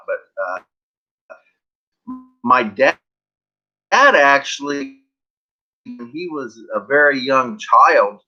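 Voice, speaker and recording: A man's voice: mid-range voice, pushed and bright. A man hosting a casual live stream chat, blunt and rambling, with frequent chuckles. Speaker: livestream host. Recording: dull lo-fi stream audio.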